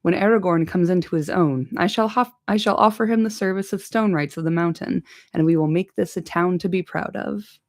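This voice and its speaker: A woman voicing a gruff, proud male dwarf warrior in an amateur audiobook reading. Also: lowish voice, a little fast, few pauses, a little mellow, no echo, clean studio sound, close to an everyday voice.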